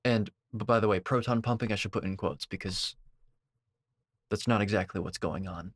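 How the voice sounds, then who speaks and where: A man commenting on a video, lecturing and sarcastic, with sudden high-pitched outbursts. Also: normal speed, no echo, studio quality.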